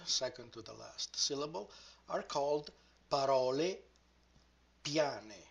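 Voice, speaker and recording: A man teaching a grammar lesson, speaking deliberately and modelling each example word aloud. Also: medium pitch, bright, forceful tone. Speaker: language teacher.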